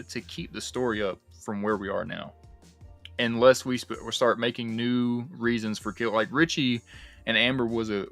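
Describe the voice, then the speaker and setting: A man's voice: mid-range voice, no room sound. A young man chatting loosely on a livestream, rambling and cursing as he riffs on movies. His voice sits in an ordinary middle register, recorded close and dry with faint music underneath. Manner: animated, swears freely, rambling with fillers. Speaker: livestream host. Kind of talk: casual movie discussion.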